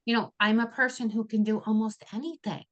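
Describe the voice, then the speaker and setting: Woman in her fifties, fairly high voice, animated, restarts sentences, laughs easily, casual interview guest. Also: fairly quick, muffled recording. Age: 50s. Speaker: guest, therapeutic riding founder.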